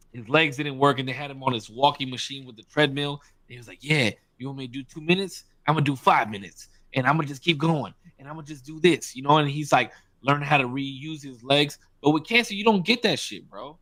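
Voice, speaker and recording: A man's voice: mid-range voice, a little fast, sharp tone. A man co-hosting a podcast in casual chat, blunt and profane, talking with emphasis. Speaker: podcast co-host.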